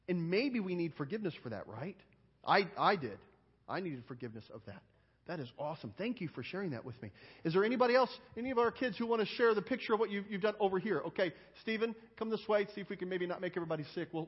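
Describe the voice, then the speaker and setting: A man's voice: high voice, slightly rough. A man giving a children's sermon as pastor, coaxing the children with many questions and often repeating words as he starts a sentence. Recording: long hall reverb, dull lo-fi sound.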